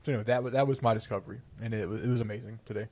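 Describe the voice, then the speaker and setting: A man's voice: lowish voice, steady tone, racing, a little mellow, dry recording. A young man co-hosting a podcast, chatting casually and arguing his opinions with playful confidence. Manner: opinionated, playful, trails off in restarts. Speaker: podcast co-host. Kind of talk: casual chat.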